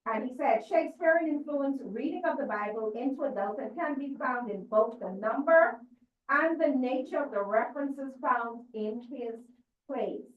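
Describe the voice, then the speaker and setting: Woman church lecturer, higher voice, teaching style that keeps asking the room questions; dull, far-off echoey recording. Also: moderate pace. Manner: questioning, checks in with listeners.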